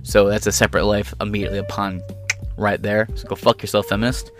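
A man's voice: lowish voice, level tone, fast, a bit bright, faint music behind. A man ranting in a reaction commentary, profane, sarcastic and combative. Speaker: political commentator.

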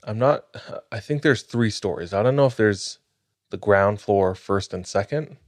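A man hosting a podcast, telling a spooky story in a measured, suspenseful way. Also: fairly low pitch, no room sound, studio quality. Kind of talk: casual storytelling.

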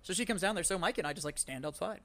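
A married man co-hosting a podcast, telling bar stories in animated casual chat and swearing freely. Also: sits high, rapid-fire. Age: adult, married. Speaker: podcast co-host.

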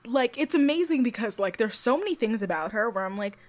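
Blunt, sassy woman with a bright pitch. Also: animated, brisk. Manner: blunt and sassy, swears freely, fills with "like". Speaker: podcast co-host. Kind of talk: casual chat recapping a TV show.

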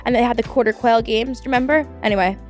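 A woman's voice: on the high side, fairly even intonation, very fast, darkish tone, faint music behind. A young woman hosting a casual solo podcast, rambling and chatty with lots of "like". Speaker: podcast host. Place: home.

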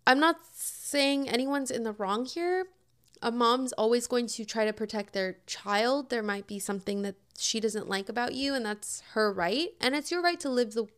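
Bubbly young woman with a smooth, higher voice. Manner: chatty and upbeat, full of "like" and "oh my God". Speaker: podcast host. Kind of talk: casual advice chat answering listener questions.

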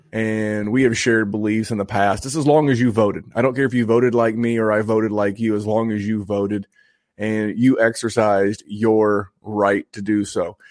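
A man's voice: on the low side, a little mellow, no echo, clean studio sound. A man from Indiana hosting a fantasy football podcast in a chatty, joking way with frequent restarts. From Indiana, USA. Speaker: podcast host. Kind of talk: casual podcast intro.

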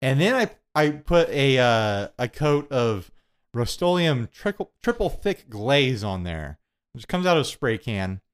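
A man's voice: medium pitch, big pitch swings, unhurried, smooth. Young male co-host, loose self-deprecating rambler with frequent laughter. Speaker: podcast co-host. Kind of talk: casual chat.

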